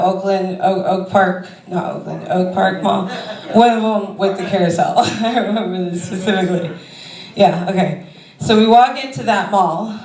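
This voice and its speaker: Rambling woman comic in an echoey club. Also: mid-range voice. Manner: rambling, conversational, with many fillers. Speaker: stand-up comedian. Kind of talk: stand-up comedy set. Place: comedy club stage before a crowd. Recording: roomy club sound from a distance.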